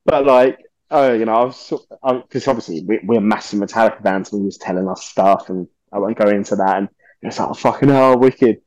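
A man, a podcast guest telling stories in a lively, swearing way and acting out the voices of people he quotes. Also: lowish voice, brisk, no echo. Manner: animated, swears often, acts out quoted voices. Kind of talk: casual storytelling interview.

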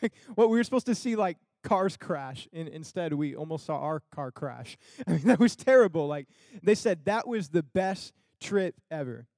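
A man's voice: fairly high pitch, lively intonation, normal speed, gravelly, darkish tone, no room sound, clean studio sound. A young man telling a funny personal story to an audience, laughing often and acting out the people he quotes.

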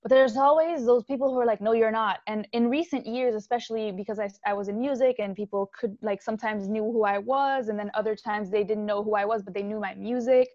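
A woman's voice: medium pitch, quick pace, few pauses, dry recording. A woman from Haiti, a musician guest, talking candidly and animatedly in a casual interview over a video call. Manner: candid and animated, with frequent fillers and laughs. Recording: dull lo-fi video call audio.

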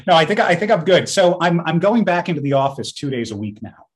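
A man co-hosting a podcast in casual chat, telling stories in an animated way and laughing often. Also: a little high, a little fast. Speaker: podcast co-host.

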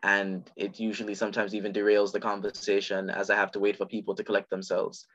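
A man with a Jamaican accent speaks in a low, monotone voice, laying out his points in a measured, explanatory way. His audio sounds dull and lo-fi, as if from a modest mic. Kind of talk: casual discussion. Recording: dull lo-fi recording.

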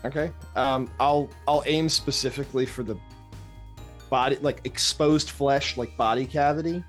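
A man's voice: medium pitch, fairly even intonation, moderate pace, soft background music. A man playing a tabletop role-playing game, talking playfully. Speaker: player.

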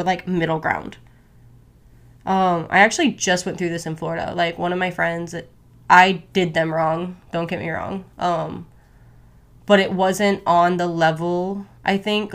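A woman's voice: on the low side, fairly bright tone. A young woman hosting a solo podcast, talking candidly and casually with lots of "like" fillers. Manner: candid, conversational, many "like" fillers. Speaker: podcast host.

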